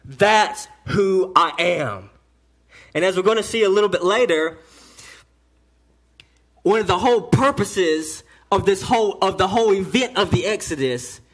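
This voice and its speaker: A pastor preaching a sermon in church, emphatic and swinging between hushed and loud phrases, often restarting a line as he builds his point. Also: high-pitched, animated, a little slow.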